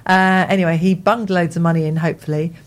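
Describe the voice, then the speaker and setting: Chatty woman, lowish voice. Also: steady tone, quick pace. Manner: chatty, rambling, laughs easily. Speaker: radio show co-host. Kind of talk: casual on-air chat.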